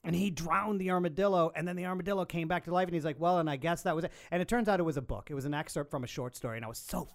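A man co-hosting a comedy podcast, telling stories in a rambling, animated way with lots of restarts. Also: on the high side, rapid-fire, hardly any pauses. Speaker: podcast host. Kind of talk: casual comedy podcast chat.

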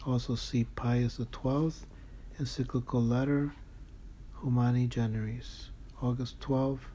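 In a deep, mellow voice, a man reads a church document aloud, a little slowly, saying "quote" and "unquote" around each passage and reading every citation in full. His delivery stays level and even, yet he sounds earnest and moved, with a faint hiss behind him. It's a religious reading with asides.

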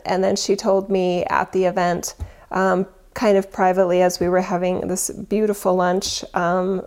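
Woman, low and dark-toned with a gravelly edge. Earnest, meandering spiritual teacher who self-corrects often. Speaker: spiritual teacher and retreat leader. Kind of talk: casual spiritual talk.

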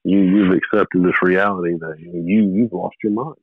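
A man's voice: low-pitched, steady tone, normal speed, slightly rough, no room sound, phone-quality sound. A man telling a personal spiritual story in a rambling way, with restarts and short laughs. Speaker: guest telling his testimony.

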